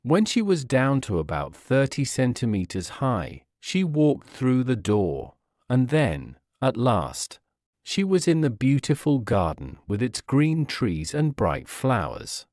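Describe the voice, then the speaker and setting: A man narrating a story slowly and clearly for English learners. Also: medium pitch, very animated, a little mellow, no room sound, studio quality.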